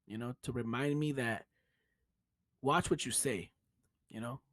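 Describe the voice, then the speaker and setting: A man's voice: mid-range voice, measured pace, no echo. Profane, laughing Chicano man telling stories. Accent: Chicano English. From United States. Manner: profane, laughing, animated storytelling. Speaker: podcast host. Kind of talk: casual storytelling.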